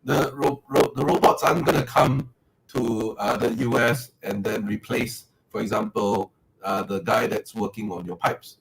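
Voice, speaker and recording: A man making his points in a live online debate, halting, with many fillers and restarts. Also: on the low side, fairly even intonation, creaky, low-quality recording. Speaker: call-in debater. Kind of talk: casual debate on a live call. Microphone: webcam call mic.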